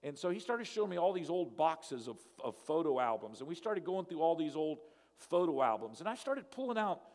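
A male pastor tells a story from the pulpit, acting out both sides of the dialogue with animated flair. His voice sits a little high for a man and rings with the long reverb of a church hall. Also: a little fast. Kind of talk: sermon storytelling.

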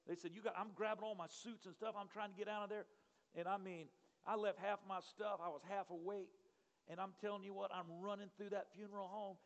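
A man pastor telling a story in a sermon, acting out what people said and shouting at the peaks. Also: sits high, a little fast, gravelly, long reverb tail. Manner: animated, acts out quotes, shouts at peaks.

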